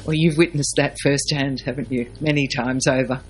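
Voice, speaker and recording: A woman's voice: rumbling low, fairly even intonation, moderate pace, slight background noise. A woman hosting a radio interview, appreciative and friendly with her guest. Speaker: radio host.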